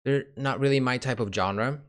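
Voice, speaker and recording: A young man making a K-pop reaction video, a little out of breath, excitable and swearing, gasping and exclaiming as he talks. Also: mid-range voice, moderate pace. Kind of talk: casual reaction commentary. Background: music playing faintly.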